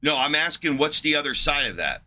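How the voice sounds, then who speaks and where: A livestream host with a fairly high, very animated voice that sounds pushed and bright launches into a heated rant. Frustrated with someone in the chat, he fires off rapid, angry, profane questions in a combative way.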